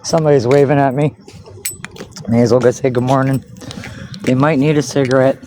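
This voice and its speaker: A woman's voice: rumbling low, steady tone, fairly quick. A woman talking to herself as she walks outdoors, swearing under her breath and cooing at cats in a sing-song voice. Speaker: vlogger. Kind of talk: casual self-narration while out walking. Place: outdoors in a neighborhood street. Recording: outdoor recording with clear background noise.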